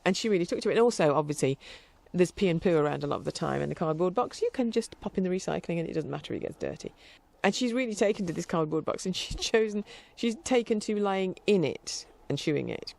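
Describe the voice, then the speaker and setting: A middle-aged woman chatting casually in a rambling, warm-hearted way, with fillers and light laughter. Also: on the low side, expressive, quick pace, vocal fry, hardly any pauses. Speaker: vlogger. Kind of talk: casual chat.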